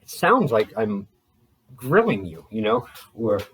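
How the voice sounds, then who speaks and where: A man talking in a rambling video journal, holding back a restless energy and slowing himself down on purpose. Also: lowish voice, sing-song, far from the mic, poor audio. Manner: restless, deliberately slowed and restrained delivery; frequent fillers and restarts. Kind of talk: rambling personal journal talk. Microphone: laptop.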